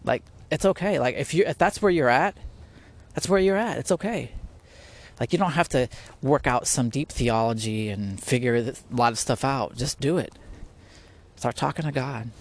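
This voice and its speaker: A man talks through a podcast in a loose, unscripted way, circling back on his words and breaking into laughter. His voice sits at an ordinary middle pitch, and he sounds earnest and easygoing. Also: moderate pace. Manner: earnest, rambling, laughs often. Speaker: podcast host. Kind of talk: casual spiritual talk. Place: at home, near spiders.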